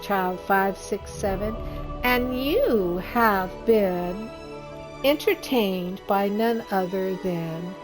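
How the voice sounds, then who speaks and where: Woman streamer, unhurried, cheerful sign-off, light music behind. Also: medium pitch, low-quality recording. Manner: cheery sign-off, thanking viewers. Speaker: streamer and role-play host. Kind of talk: casual stream outro.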